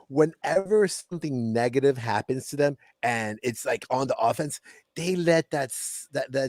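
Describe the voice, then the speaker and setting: A man's voice: medium pitch, darkish tone, dry recording, studio quality. A man co-hosting a sports podcast, talking loosely and conversationally with lots of "like". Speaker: podcast co-host. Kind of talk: casual sports chat.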